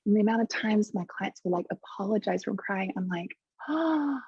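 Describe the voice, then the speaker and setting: A woman's voice: mid-range voice, little pitch movement, fairly quick, a little mellow, husky, no echo. A woman speaking as a podcast guest, earnest and heartfelt, leaning hard on the words she cares about. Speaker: guest, coach. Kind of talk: casual podcast conversation. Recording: dull lo-fi remote audio.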